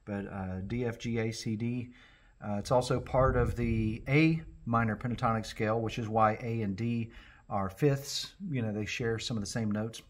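A man's voice: fairly low pitch, moderate pace. A middle-aged man making a flute, giving a casual, rambling workshop tutorial in a folksy way. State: a little out of breath. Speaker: flute maker and channel host.

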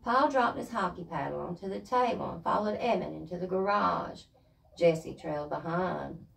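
A woman reading a children's chapter book aloud in a lively, expressive way. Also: on the low side, normal speed, vocal fry, distant mic, poor audio. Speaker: reader.

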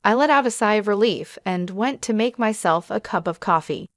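A woman narrating a scripted first-person story with an even, steady reading. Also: medium pitch, normal speed, dry recording, clean studio sound.

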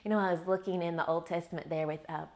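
A woman hosting a Christian devotional show from her kitchen, telling personal stories in a chatty, warm-hearted way with frequent laughs. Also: on the low side, steady tone, quick pace. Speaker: Christian teaching show host. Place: home kitchen.

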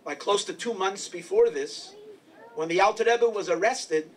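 A high-voiced man from New York tells a Hasidic story in a chatty, humorous lecture. He sounds set back from the microphone in a lecture hall, with faint noise underneath. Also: moderate pace, recorded from a distance. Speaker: rabbi and lecturer.

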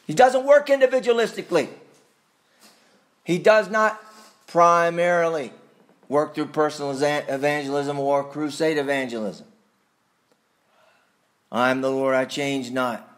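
A man delivers a sermon in a fairly high voice, taking his time over each phrase. He leans into key words with sudden emphatic rises. Between them he drops to a quieter tone for asides. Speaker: pastor.

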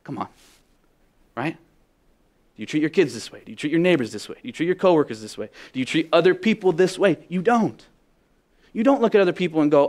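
A man preaching a sermon as pastor, emphatic, asking the congregation direct questions, dropping to a hush and building up loud. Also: fairly high pitch, animated, fairly quick, pauses often. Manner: drops to a hushed voice then builds up loud.

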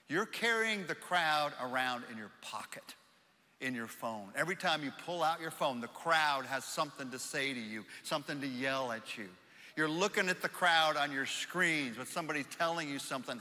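Male preacher, bright tense voice, slightly high, big reverberant hall; swings from shouts to hushed lines. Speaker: pastor. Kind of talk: sermon. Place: church auditorium.

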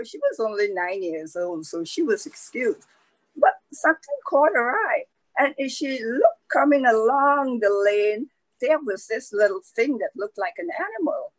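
A woman telling a folk tale aloud in a slow, conversational way, with asides to her listeners. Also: a little high, no echo, rough recording. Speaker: storyteller. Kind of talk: oral folk storytelling.

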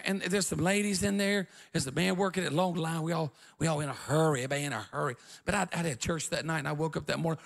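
Man, middle-aged, pastor, revival preaching, high voice, gravelly fry, animated storytelling. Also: quick pace, hardly any pauses. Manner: animated, shouting and laughing through stories.

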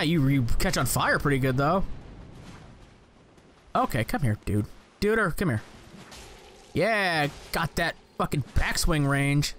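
A man's voice: on the high side, animated, normal speed, long pauses, a bit bright, a little hiss or hum. A man giving casual let's-play commentary, joking, swearing and talking to enemies on screen. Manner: profane, jokey, talks to enemies on screen. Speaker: gaming commentator.

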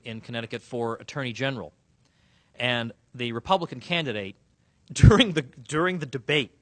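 A man giving a lively, sarcastic public speech to a room of officials, punching key words with emphasis. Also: fairly high pitch, dry recording. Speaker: speaker addressing sheriffs. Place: conference room.

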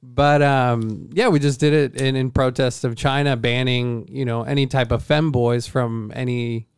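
A man's voice: medium pitch, fairly even intonation, unhurried, a little mellow, smooth, dry recording, studio quality. A married man co-hosting a podcast, joking around in a laid-back, rambling way. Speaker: podcast co-host. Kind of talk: casual podcast chat.

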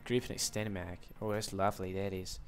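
A man's voice: low voice, steady tone, fairly quick, soft background music. A young man with a put-on American accent, rambling through live game commentary with self-mocking asides. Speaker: gaming commentator.

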